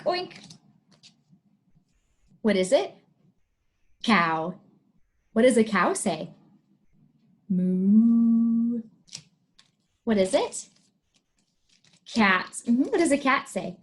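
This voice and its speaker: A woman's voice: on the high side, sing-song, slow pace, long pauses. A woman teacher demonstrating a picture-card lesson for young students, talking in a sing-song way and making animal sounds.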